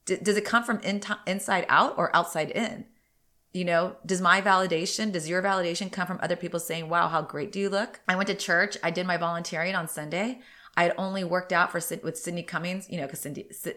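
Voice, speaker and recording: This woman in her thirties hosts a casual podcast alone, speaking briskly with fairly even intonation. Her voice is fairly low and fairly bright, and her candid, rambling talk sounds a little congested.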